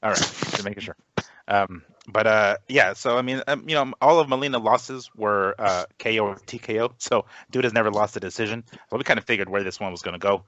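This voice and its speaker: Fast, lower-pitched male boxing co-host, halting delivery, dull audio. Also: fairly bright tone, a little hiss or hum. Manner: halting, lots of fillers. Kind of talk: casual sports talk.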